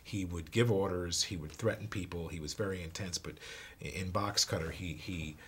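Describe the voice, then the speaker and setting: A man, an actor, telling a story in an interview, halting and repeating words, sometimes dropping to a hush. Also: deep voice, slightly rough.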